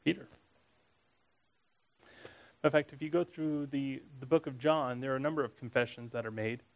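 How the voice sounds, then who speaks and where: A man leading a Bible study in an easy, conversational way. He reads passages aloud, then breaks them down with casual asides and questions for his listeners. His voice sits at an ordinary, mid-range pitch. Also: fairly even intonation, normal speed, low-quality recording. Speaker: Bible teacher.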